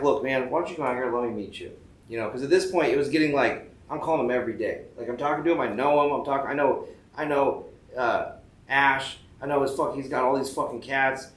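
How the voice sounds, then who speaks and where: A man in casual chat, joking and swearing as he tells a story. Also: mid-range voice. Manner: fast, joking, swears a lot. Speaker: tattoo shop owner guest. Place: tattoo convention. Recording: roomy echo.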